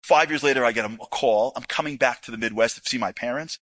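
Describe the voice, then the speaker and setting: A man telling a story to an audience, animated, acting out dialogue with casual asides. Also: medium pitch, quick pace, dry recording. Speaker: speaker. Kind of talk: storytelling talk.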